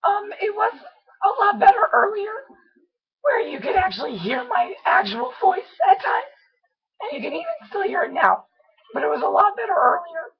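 A young woman with laryngitis, her voice hoarse, squeaky and scratchy, pushing it to half-yelling and a little breathless as she chats casually in a video diary. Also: sing-song, normal speed, dull audio. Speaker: vlogger.

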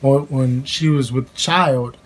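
A man in his thirties sharing a family story in a casual, heartfelt chat at home, halting with many fillers and restarts. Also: medium pitch, fairly even intonation.

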